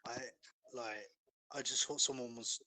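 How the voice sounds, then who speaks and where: A man co-hosting a casual podcast, talking hesitantly with frequent ums and trailing off quietly. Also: medium pitch, fairly even intonation, unhurried. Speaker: podcast co-host. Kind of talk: casual chat.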